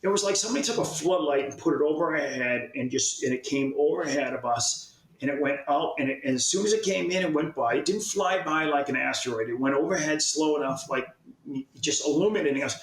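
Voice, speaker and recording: A man who publishes a fishing magazine rambles through a long story in casual conversation, often restarting sentences and repeating words. His voice sits on the high side and moves briskly, and the recording is reverberant and poor.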